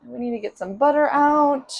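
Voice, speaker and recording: A woman's voice: moderate pace, vocal fry, muffled recording, slight background noise. A woman chatting casually while cooking breakfast in her home kitchen on a live stream, calling to her cats now and then. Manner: chatty, talks to her cats in a high sing-song baby voice.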